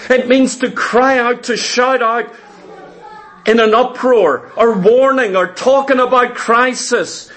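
A man preaching, his voice sitting unusually high. He builds his points through repetition and asks his listeners question after question. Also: fairly even intonation, takes it slowly, a bit bright. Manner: fervent, repetitive preaching cadence with rhetorical questions. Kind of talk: sermon.

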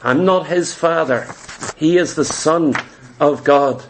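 A male preacher voicing Joseph, a humble carpenter father, quiet and sorrowful. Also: a little high, slow pace, slight background noise, pitched below the performer's own voice.

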